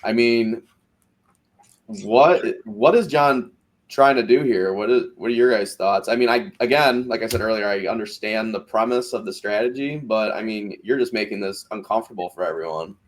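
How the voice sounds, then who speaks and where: A man's voice: lowish voice, moderate pace. A man hosting a podcast in casual chat, recapping at length in an easygoing way with fillers. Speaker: podcast host.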